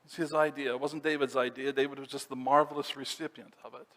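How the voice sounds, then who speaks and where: Speaking fast, a middle-pitched male pastor works verse by verse through scripture in his sermon, steadily explaining each passage as a teacher would. The church sanctuary lends his voice a long reverb.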